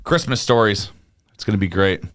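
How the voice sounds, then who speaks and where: A man's voice: on the low side, fairly quick, a bit bright. A young man hosting a casual live chat, rambling stories and laughing often. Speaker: host.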